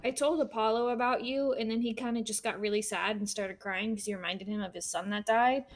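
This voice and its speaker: A woman's voice: fairly high pitch, steady tone, a little fast. A woman chatting playfully and telling stories in an in-character game roleplay.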